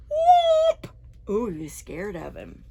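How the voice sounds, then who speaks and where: Animated woman reading a storybook to preschoolers. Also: a little high, takes it slowly, slightly rough. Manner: animated and expressive, with sound effects and asides to children. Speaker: children's librarian. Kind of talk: preschool storytime read-aloud. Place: library.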